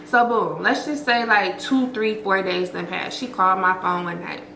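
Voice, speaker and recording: A woman's voice: mid-range voice, moderate pace, vocal fry, echoey room, slight background noise, rough recording. A woman vlogger telling a story to her viewers in a chatty, slangy, profane way, full of fillers and acted-out quotes. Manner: expressive, acts out quotes.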